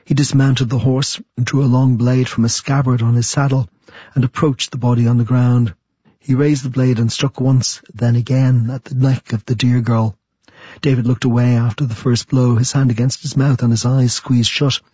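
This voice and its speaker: A man interviewed as an author, answering thoughtfully and reading aloud from his book in a measured storytelling manner. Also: medium pitch, level tone, warm tone, husky, dry recording, highs cut off.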